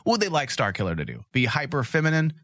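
A man's voice: on the high side, wildly swooping pitch, quick pace, a bit bright, no room sound. Man, podcast co-host, brash, joking rants, dry close sound. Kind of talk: crude comedic podcast chat.

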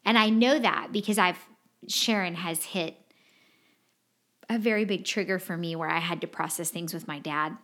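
A woman's voice: lowish voice, steady tone, normal speed, a bit bright. Earnest, emphatic woman co-host. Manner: earnest and emphatic, repeats key phrases. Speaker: podcast co-host. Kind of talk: casual heartfelt conversation.

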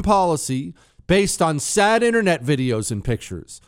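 A man's voice: on the high side, very animated, measured pace, clear, resonant tone, no echo, studio quality. A middle-aged man hosting talk radio, ranting in a heated, sarcastic monologue.

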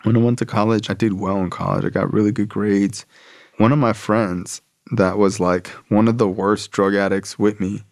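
A man's voice: lowish voice, steady tone, normal speed, dry recording, clean studio sound. A young man telling a personal recovery story in a casual, profane way, full of slang and fillers.

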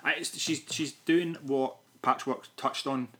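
A man co-hosting a podcast, chatting casually about a film in a rambling, animated way. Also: mid-range voice, a little slow. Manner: rambling, animated, lots of restarts. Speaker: podcast co-host. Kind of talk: casual film review chat.

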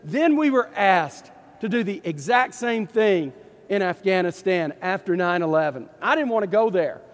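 A middle-aged man, a Baptist pastor from East Texas with a Texan accent, telling a story in a folksy, animated sermon. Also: high-pitched, moderate pace. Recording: long hall reverb.

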